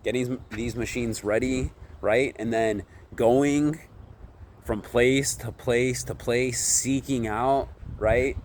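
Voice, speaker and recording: A man's voice: medium pitch, fairly even intonation, slow pace, a little hiss or hum. A man chatting casually to camera about his vending business, rambling and ending nearly every sentence with "right?". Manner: acts out quoted dialogue in his retelling. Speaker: candy vending business vlogger. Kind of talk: casual vlog talk to camera.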